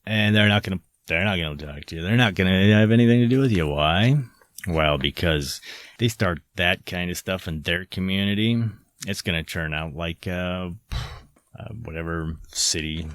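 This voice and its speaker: A deep, low-pitched man rants into the microphone, swearing often and dripping with sarcasm. The sound is dry and close, with no room around his voice. He hosts his own podcast. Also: normal speed, fairly bright tone, dry recording. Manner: profane, ranting, sarcastic. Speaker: podcast host. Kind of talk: angry monologue.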